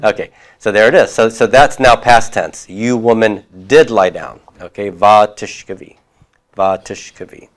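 A man's voice: fairly low pitch, normal speed. A man teaching a class, reviewing homework and prompting students with questions, with occasional chuckles.

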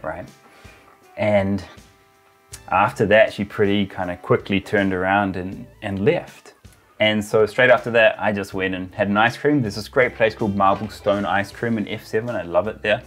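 A man's voice: fairly low pitch, moderate pace, faint music behind. Chatty New man telling a story. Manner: chatty, uses filler words. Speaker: travel vlogger. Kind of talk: casual storytelling to camera.

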